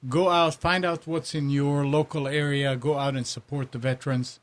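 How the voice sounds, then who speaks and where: A man's voice: on the high side, level tone, normal speed. Man giving plain radio announcements. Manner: plain, informative. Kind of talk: radio talk, announcing tips.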